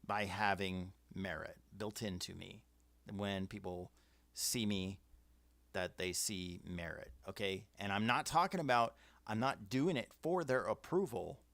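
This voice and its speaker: A man's voice: lowish voice, a little slow, creaky, a bit bright, no echo. A man hosting a casual livestream, giving firm opinions and reading out viewer comments. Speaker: livestream host. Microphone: webcam setup.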